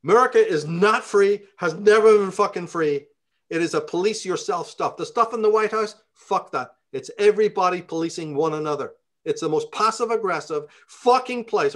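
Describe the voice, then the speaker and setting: A middle-aged man with a Belfast accent tells stories in an interview, his voice sitting a little high for a man. He talks in an animated, profane rant, piling up curses as he goes. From Northern Ireland. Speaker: interview guest. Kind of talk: storytelling in conversation.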